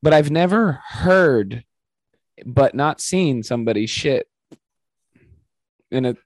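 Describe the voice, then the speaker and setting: A man's voice: medium pitch, takes it slowly, dry recording, rough recording. A man joking and laughing in casual podcast banter. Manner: laughs often, animated joking.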